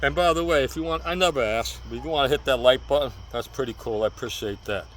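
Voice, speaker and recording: A man's voice: medium pitch, quick pace, a bit bright, rough recording. A man in his sixties from New York, vlogging outdoors about cane self-defense in an earnest, repetitive, pleading way. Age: 60s. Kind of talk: casual outdoor vlog.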